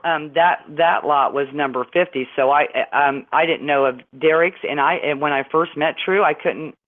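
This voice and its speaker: A woman's voice: deep voice, moderate pace. Indignant woman on a tinny phone line. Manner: rambling, indignant, many restarts. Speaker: guest caller. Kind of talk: phone-in interview storytelling.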